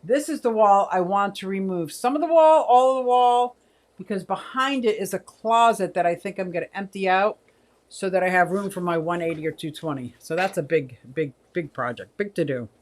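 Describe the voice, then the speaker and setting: A woman's voice: fairly low pitch, a little fast. Chatty woman in her sixties. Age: 60s. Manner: chatty, laughs often, reads viewer comments aloud. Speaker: aquarium channel host. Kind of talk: casual livestream chat.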